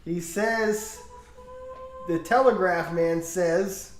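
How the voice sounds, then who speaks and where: A man's voice: high voice, very slow. A man hosting a livestream, casually telling jokes and giggling through them, in a roomy space with faint music behind. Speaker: livestream host.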